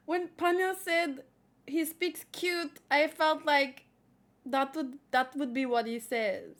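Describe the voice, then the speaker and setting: A woman's voice: high-pitched, takes it slowly. A woman reading a comic aloud and chatting about it, gushing and emotional. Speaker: manga read-along host. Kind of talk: casual comic read-aloud with commentary.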